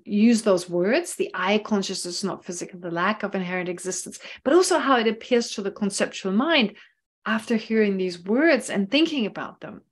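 A woman's voice: mid-range voice, animated, normal speed. A woman teaching Buddhist philosophy in an online class, explaining carefully and repeating key phrases. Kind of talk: online lecture. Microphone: online class microphone.

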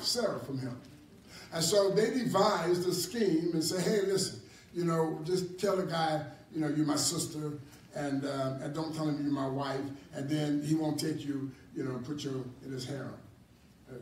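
A man preaching a Bible class in a church hall, animated and repetitive, often chuckling. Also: on the high side. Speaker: apostle teaching a ministry class. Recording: echoey hall from far off, faint noise.

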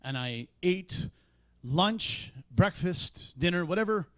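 A man preaching a sermon in a church, conversational in tone, with sudden loud emphatic peaks. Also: high-pitched, expressive, takes it slowly, dry recording. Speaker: pastor.

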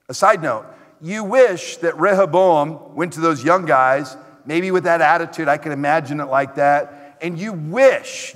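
Male pastor, high voice, emphatic repeated exhortations, reverberant church hall. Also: a bit bright. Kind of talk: sermon. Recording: echoey hall.

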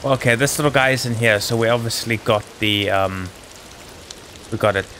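Man, gaming host, casual commentary, rambling asides, mid-pitched voice, faint hiss behind. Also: moderate pace, a bit bright, rough recording. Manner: rambling, chatty, friendly asides.

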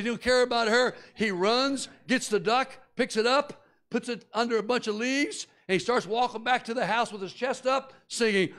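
A man's voice: very high-pitched, moderate pace, fairly bright tone. A middle-aged man preaching a sermon, telling a folksy story and acting out its characters before turning earnest and confessional. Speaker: guest preacher.

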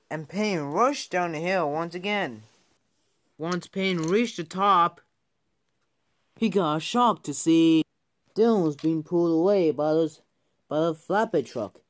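A man narrating a homemade train story, halting often and restarting his sentences. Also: a little high. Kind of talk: improvised toy-train storytelling.

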